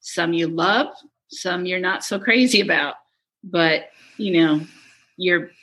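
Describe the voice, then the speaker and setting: Middle-aged lady guest telling stories, bright clear tone, laughs a lot, takes her time. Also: fairly low pitch, slow pace. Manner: animated storyteller, laughs often, quotes people. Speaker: guest, touring production manager. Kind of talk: casual interview chat.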